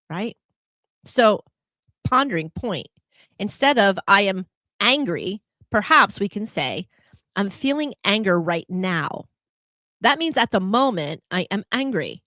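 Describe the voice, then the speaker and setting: A podcast host with a medium-pitched voice leads a reflective spiritual talk show, often posing rhetorical questions to her listeners. She's animated and laughs when talking about herself. The studio recording is clean, with no room sound.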